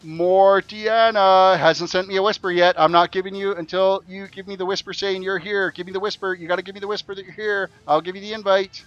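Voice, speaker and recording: A man's voice: high voice, flat delivery, fast talker, hardly any pauses, a bit bright, no room sound, highs cut off. A man streaming a game and hosting an in-game race event for his viewers. He chats casually and keeps repeating his instructions to the players. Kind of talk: casual live-stream commentary.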